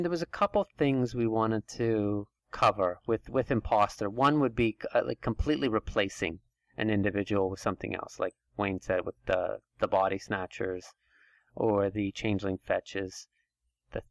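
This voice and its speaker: A man hosts a relaxed conversation, rambling through his thoughts in long, loose stretches. His voice sits low with plenty of gravelly fry. The sound is close and dry. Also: moderate pace, dry recording. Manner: chatty, thinks aloud in long run-on stretches. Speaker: podcast host. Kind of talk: casual chat.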